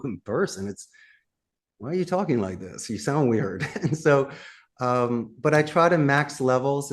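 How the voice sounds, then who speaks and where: An American man, a guest telemarketing trainer in a podcast interview, coaching in a punchy way with lots of rhetorical questions and slowing down to stress key points. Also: mid-range voice. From United States.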